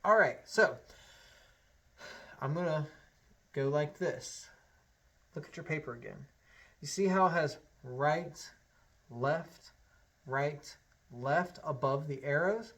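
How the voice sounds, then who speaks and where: A man's voice: fairly high pitch, slow pace, pauses often, fairly bright tone. A man teaching a harmonica lesson, encouraging and upbeat, talking straight to the learner. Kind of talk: friendly instructional lesson.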